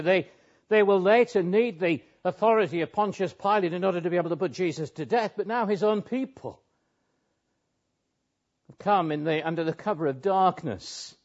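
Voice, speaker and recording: Male preacher, earnest and emphatic sermon delivery, slightly high voice, muffled lo-fi sound. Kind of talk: expository sermon. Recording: dull lo-fi sound.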